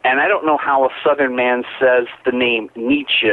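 A man's voice: mid-range voice, fairly even intonation, normal speed. A man calling into a show from home, talking in an earnest, rambling way with lots of fillers. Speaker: caller and poet. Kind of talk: casual call-in chat. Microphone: telephone. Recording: tinny phone line.

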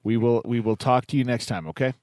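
A man's voice: medium pitch, steady tone, fast, a little mellow, no echo, clean studio sound. A man hosting a call-in radio show in an easygoing, chatty way. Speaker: radio host.

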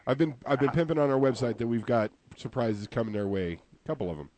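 A man's voice: medium pitch, fast, warm tone. A man hosting a radio show from a studio, talking in a jokey, upbeat, plain-spoken way. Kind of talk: casual radio talk.

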